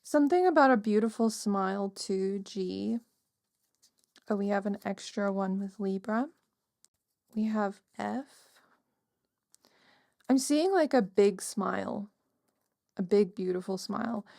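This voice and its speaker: A woman's voice: medium pitch, takes it slowly, vocal fry, long pauses, darkish tone, no echo, clean studio sound. A woman giving a casual pick-a-card tarot reading, musing aloud with many fillers. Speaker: tarot reader.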